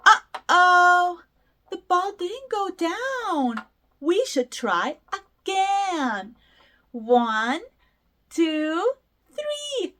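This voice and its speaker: A young woman hosting a toddler lesson, talking slowly in an exaggerated, sing-song, encouraging way. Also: extremely high pitch, very animated, bright, forceful tone. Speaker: children's show host. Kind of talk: teaching toddlers through play.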